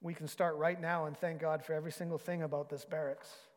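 A man reading aloud the lines of a calm, matter-of-fact, faithful woman prisoner from a story, in a long reverberant hall. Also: sits low, brisk, natural voice. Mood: excited.

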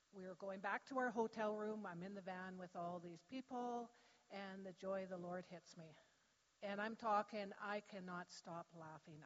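Woman giving testimony in an echoing church. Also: medium pitch. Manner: animated storytelling, laughing easily. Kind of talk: personal testimony. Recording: dull sound with long hall reverb.

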